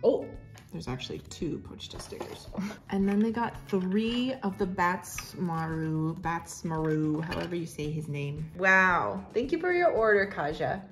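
A woman's voice: fairly low pitch, animated, a little slow, fairly bright tone, roomy sound. A young woman chatting to herself while packing orders, cheerful and a bit chaotic, with the odd swear. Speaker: small artist packing shop orders. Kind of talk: chatty packing vlog voice-over. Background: background music.

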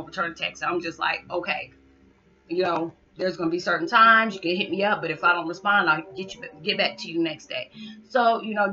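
A spiritual vlogger with a pushed, bright, mid-range voice rambles casually to her viewers, peppering her monologue with "you know" and "it's just like." The recording sounds dull and lo-fi.

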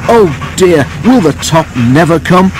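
A man's voice: on the high side, expressive, measured pace, noisy background, pitched above the performer's own voice. A man voicing a proud, easily embarrassed male steam engine who grumbles and puffs with effort. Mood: straining. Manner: complaining then determined, puffing.

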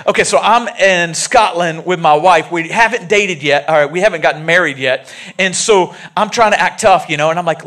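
Male pastor, lively high delivery, storytelling sermon in a church. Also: fairly quick. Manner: animated, jokey storytelling preaching. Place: church sanctuary.

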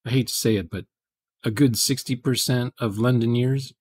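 A man's voice: medium pitch, fairly even intonation, moderate pace, a little mellow, slightly rough. Man rambling while live coding. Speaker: programming livestream host. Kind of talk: casual rambling livestream chat.

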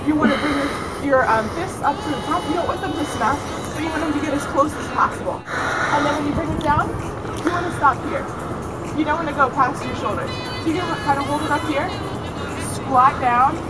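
A young woman leads a workout outdoors by the beach, her voice sitting high as she calls out moves with upbeat encouragement. Steady music plays clearly underneath her. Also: brisk, over a noisy crowd. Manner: upbeat and encouraging, giving step-by-step cues. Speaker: fitness instructor. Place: outdoors in a beach park with benches.

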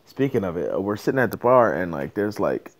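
A man with a deep, low-pitched voice rants alone on his podcast. He swears constantly and rambles from joke to joke in a loose, casual delivery. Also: very animated, brisk. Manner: profane, rambling, joking. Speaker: podcast host. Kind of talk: solo casual rant.

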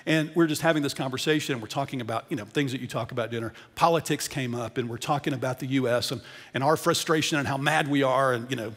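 American male pastor, middle-aged, storytelling sermon; loud peaks, hushed lows, reverberant church hall. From United States. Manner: storytelling, shifts between loud emphasis and quiet intensity. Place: large church auditorium.

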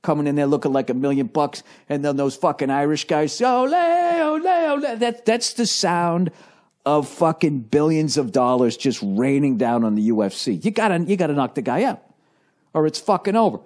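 Profane, rambling comedian with a slightly high voice. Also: male voice, moderate pace. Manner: profane, animated storytelling with many restarts. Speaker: comedian hosting a podcast. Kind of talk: casual rambling monologue.

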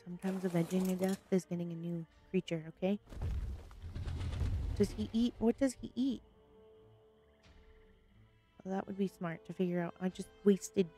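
A woman hosting a solo gaming video, chatting casually through her play with panicky, excitable outbursts. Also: fairly low pitch, moderate pace, pauses often, soft background music. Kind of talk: casual gameplay commentary.

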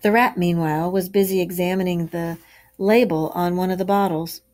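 A woman's voice: fairly low pitch, normal speed. Woman reading a storybook aloud to a class. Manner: expressive, steady storytelling. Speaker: teacher.

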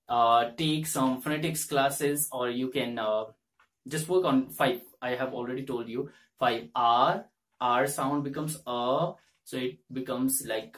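A man's voice: mid-range voice, distant mic. A young Indian man with an Indian English accent teaching pronunciation in a casual lesson, repeating drill words over and over.

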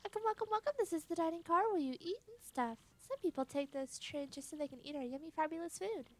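A woman's voice: extremely high pitch, fast, pitched above the performer's own voice. A woman doing a bubbly starstruck waitress. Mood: gushing. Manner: bubbly, gushing. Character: gushing young train waitress, starstruck.

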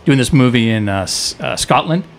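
A man, a comedian and actor, guesting on a studio podcast and telling an anecdote in a relaxed, halting way. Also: medium pitch, vocal fry, slight background noise. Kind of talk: casual chat, anecdote telling.

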